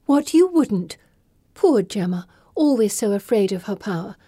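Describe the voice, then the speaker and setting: A woman's voice: mid-range voice, big pitch swings, a little slow, warm tone, slightly rough, dry recording, studio quality. A woman voicing a cruel, coquettish teenage girl who speaks coolly and sometimes sinks into a menacing whisper. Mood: taunting. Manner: cool, sly, drops to menacing whispers. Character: coy, cruel teenage girl queen, taunting.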